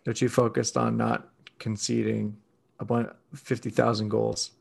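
Gravelly man trading wry asides. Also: on the low side, level tone, a little slow. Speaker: podcast co-host. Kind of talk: casual sports chat.

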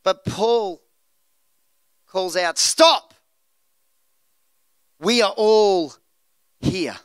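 A male pastor preaching a sermon in church, animated and acting out scenes. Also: high-pitched, very slow, smooth, dry recording. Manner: animated, acts out scenes in voices.

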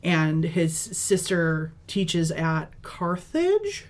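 A woman co-hosting a podcast in casual chat, playful, teasing and excitable. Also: lowish voice, drawn-out words. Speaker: podcast co-host.

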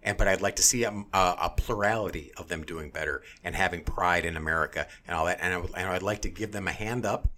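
Male podcast host, low register, blunt and profane, heated off-the-cuff delivery. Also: quick pace, few pauses, pushed and bright. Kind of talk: casual opinionated chat.

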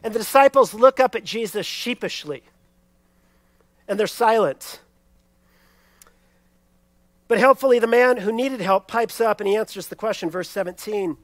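A man preaching a sermon, telling a scripture story expressively and swinging between loud emphasis and hushed lines. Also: high-pitched, normal speed, pauses often, no echo. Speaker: pastor.

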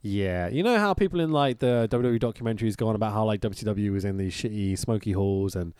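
Talking fast in a lowish, slightly mellow, smooth voice, a man co-hosts a casual podcast, laughing sarcastically at old wrestling and swearing from time to time. The audio is studio quality with no echo.

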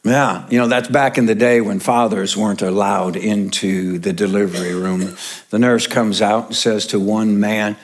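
An older man, a pastor preaching a sermon, telling jokes and chuckling as he goes. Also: fairly low pitch. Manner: slow, jokey storytelling with chuckles.

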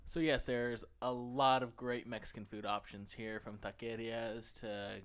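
A man's voice: mid-range voice, flat delivery, unhurried, fairly bright tone, smooth. A young man guesting on a casual podcast, telling chatty stories. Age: young adult. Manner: chatty storyteller. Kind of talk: casual chat.

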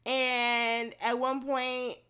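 Animated woman retelling a show. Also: high voice, very slow, smooth. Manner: animated, profane storytelling with quoted asides. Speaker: podcast co-host. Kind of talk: casual chat recapping a TV show.

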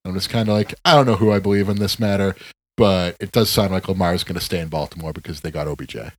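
Low-voiced man ranting casually. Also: fast talker. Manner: rambling, profane, animated ranting. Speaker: podcast co-host. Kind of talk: casual chat.

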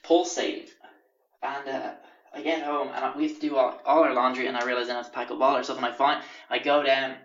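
A young man casually telling a profane, animated anecdote on a podcast. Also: medium pitch, a little fast, far from the mic. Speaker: podcast host. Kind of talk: casual storytelling. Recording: roomy, dull lo-fi recording.

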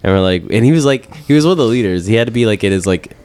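A man talking fast in a loose, casual chat, with a low-pitched voice. He tells rambling stories, swears freely, and restarts his sentences often. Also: lively intonation, a little mellow, clean tone. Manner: rambling, profane storytelling with many restarts.

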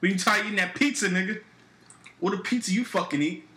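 A man's voice: high-pitched, quick pace, bright, forceful tone, a little hiss or hum. A young man co-hosting a casual podcast, teasing and swearing in loose banter, recorded in a roomy, echoey room. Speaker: podcast co-host. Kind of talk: casual chat.

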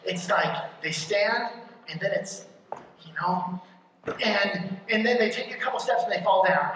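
A pastor giving a conversational sermon, often checking in with the congregation with a quick question, and punching key lines hard. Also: mid-range voice, a bit bright, slight background noise. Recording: very echoey hall, mic from far off.

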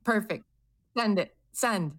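A woman co-hosting a podcast with her daughter in casual chat, brisk and encouraging, urging her to send a message. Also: medium pitch, lively intonation. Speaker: podcast co-host, mother.

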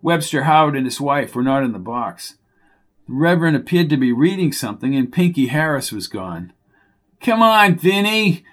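A man reading a mystery story aloud as its narrator, with steady storytelling. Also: medium pitch, brisk. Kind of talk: audiobook narration.

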